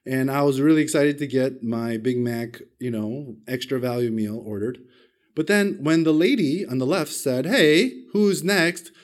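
A pastor preaches a sermon at normal speed, telling a personal story with big swings in pitch and loudness. He's self-deprecating and asks the congregation questions.

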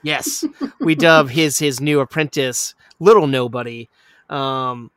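A man casually retelling a movie plot in a rambling, profane way, with lots of fillers and quick laughs. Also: mid-range voice, a bit bright, clear, resonant tone, dry recording.

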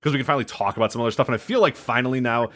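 A man co-hosting a casual podcast, animated and profane, laughing easily as he talks. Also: medium pitch, racing. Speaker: podcast co-host.

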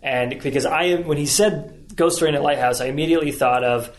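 A man's voice: on the high side, fairly quick. A man being interviewed about writing his film, talking casually with many restarts and fillers. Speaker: filmmaker guest.

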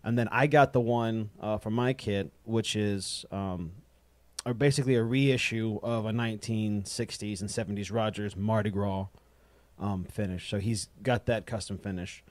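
A man's voice: lowish voice, fairly even intonation, normal speed, no echo. A man in casual chat, rambling as he tells a story and acts out the dialogue he quotes. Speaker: drummer and guest.

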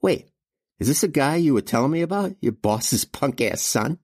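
A man's voice: on the high side, lively intonation, moderate pace, a little mellow, breathy edge, no echo, clean studio sound, pitched above the performer's own voice. Man doing a dim-witted heavyset young thug. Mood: dopey.

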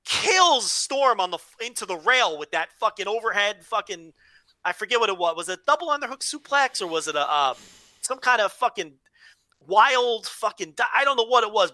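A man co-hosting a podcast in rambling, animated casual chat, with frequent restarts and swearing. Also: high-pitched, normal speed, no echo. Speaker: podcast co-host.

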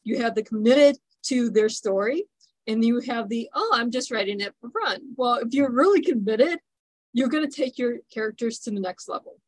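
This is a woman hosting a podcast interview, with a voice a little higher than average. She talks in a chatty way and backs up her guest with quick agreeing replies. The recording is dry and close, with no room sound. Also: no echo, low-quality recording. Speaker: podcast host. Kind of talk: casual interview chat.

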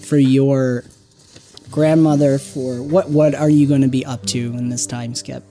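Tabletop game master, mid pitch, soft unhurried scene narration. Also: steady tone, faint music behind. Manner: slow, drawn-out storytelling with soft drops in volume.

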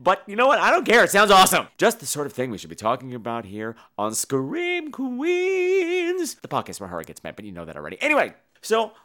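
Man, podcast host, campy, smooth clear voice, lively pitch. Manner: animated, campy, bursts into shrill imitations. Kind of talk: casual comedic horror movie chat.

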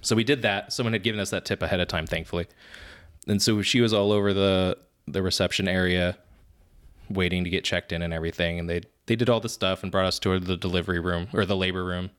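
A man co-hosting a podcast, telling animated stories about being a father and often laughing at his own anecdotes. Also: deep voice, fast, smooth. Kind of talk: casual chat.

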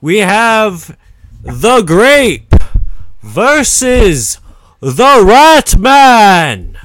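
Guy putting on a huge loud fight announcer, stretching every word way out. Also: big pitch swings, a little hiss or hum, full character voice. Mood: hyped. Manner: booming, drawn-out showman delivery. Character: bellowing male fight announcer.

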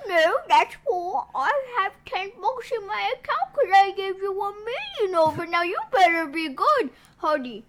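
A woman putting on a slow, wobbly British accent as a fibbing, bossy old grandma in a comic bit. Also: very high voice, big pitch swings, a little hiss or hum, exaggerated voice. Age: older.

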